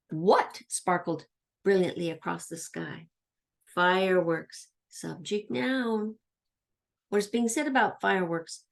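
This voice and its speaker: A woman's voice: mid-range voice, slow pace, creaky, long pauses. A woman teacher leading a children's grammar lesson, chanting labels in question-and-answer drills and playfully quizzing herself. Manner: plays a pretend student asking herself questions.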